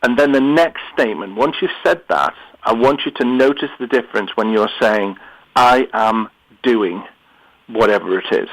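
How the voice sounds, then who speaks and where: British guy on the show by phone, earnest, keeps restarting sentences, mid pitch. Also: moderate pace, rough recording. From United Kingdom. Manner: earnest, repeats and restarts words. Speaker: guest. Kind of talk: interview on mindset. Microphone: phone or remote line.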